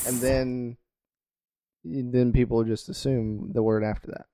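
A young man with a cold co-hosts a podcast, his voice mellow and dark, recorded dry and close. He jokes along in playful banter. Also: mid-range voice, fairly even intonation, unhurried, no echo. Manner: playful, mock-legalistic banter. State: has a cold. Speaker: podcast co-host. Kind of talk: casual joking chat.

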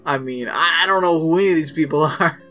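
A man's voice: fairly high pitch, fast, pushed and bright. A man in casual chat, cracking jokes with profane asides. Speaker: podcast co-host.

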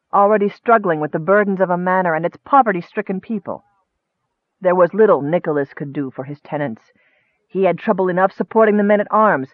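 A man narrating an audiobook in a measured, expressive reading. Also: a little high, dry recording. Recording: dry, phone-like narrow sound.

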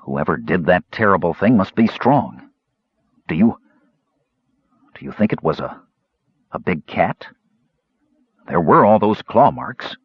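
A man's voice: sits low, lively intonation, a little slow, pauses often, slightly rough, no echo, highs cut off, heavily acted. A man voicing a big, simple-hearted young male warrior in an audiobook, plain and earnest, a bit defensive. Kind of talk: audiobook character voice.

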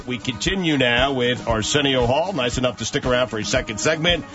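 Radio announcer guy reading the plugs, music clearly under him, kinda dull sound. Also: medium pitch, brisk, few pauses. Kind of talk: scripted sponsor reads.

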